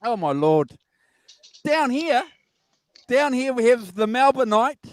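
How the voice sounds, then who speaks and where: A man with a New Zealand accent hosting a casual live-stream chat, excitable and easily flustered. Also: very high voice, takes it slowly, no echo. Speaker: show host.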